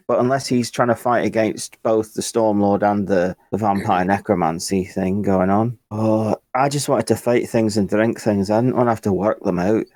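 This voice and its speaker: Low-voiced man musing at the game table. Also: a little mellow, dry recording. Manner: casual, musing, swears lightly. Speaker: player.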